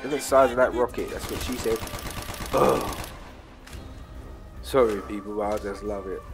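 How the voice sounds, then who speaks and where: A British man giving crude, excitable let's play commentary while trash-talking enemies in a war game. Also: lowish voice, normal speed, vocal fry. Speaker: gamer. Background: game music and gunfire.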